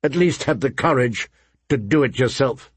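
A man's voice: medium pitch, lively intonation, moderate pace, breathy edge, no room sound. A man reading an audiobook, voicing a grave and honorable father in a voice close to his own. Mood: grave, earnest. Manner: grave, earnest.

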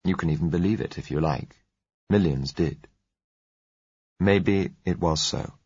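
A man reading a novel aloud in the first person, measured and expressive, with tense pauses. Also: low voice, vocal fry, breathy edge, no room sound. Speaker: audiobook narrator. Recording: dull lo-fi recording.

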